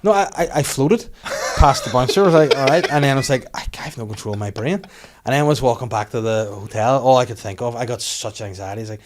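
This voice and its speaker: Fast-talking man telling stories. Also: mid-range voice, noisy background. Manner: rapid, animated anecdotes with laughter and sweary acted-out inner voices. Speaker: podcast host. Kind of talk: casual chat, storytelling.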